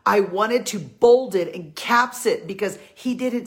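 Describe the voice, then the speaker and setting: In an unhurried, lively medium-pitched voice with few pauses, a Christian women's encourager delivers an earnest faith talk to her female followers. She pleads from the heart and keeps returning to her key lines for emphasis.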